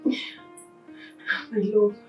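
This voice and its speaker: An actress playing a gravely ill young woman with a Nigerian accent, speaking slowly and tearfully in a film drama. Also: soft background music, rough recording. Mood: anguished. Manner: slow, pleading, tearful.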